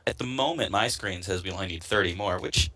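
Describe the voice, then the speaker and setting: Bright-voiced wry male caster. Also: low-pitched, quick pace. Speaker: tournament co-caster. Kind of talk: casual esports casting.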